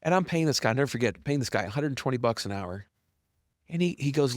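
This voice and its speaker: Speaking fast on a clean studio recording with no echo, this middle-aged man is a company founder guesting on a podcast. He's blunt and candid about his story, pokes fun at himself, and animatedly acts out quoted lines with big leaps in pitch.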